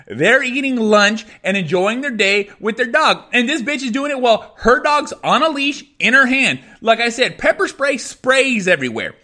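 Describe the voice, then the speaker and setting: A man's voice: very high-pitched, lively intonation, normal speed, hardly any pauses, sharp tone. A man hosting a podcast, ranting angrily and profanely as he reacts to a news clip. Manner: angry, profane, repetitive ranting. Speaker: podcast host.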